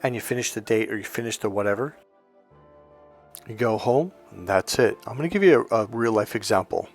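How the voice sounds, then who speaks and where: A man's voice: lowish voice, a little fast. Man telling stories candidly, faint music. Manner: candid, storytelling, acts out what others said. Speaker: relationship coach. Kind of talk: casual monologue.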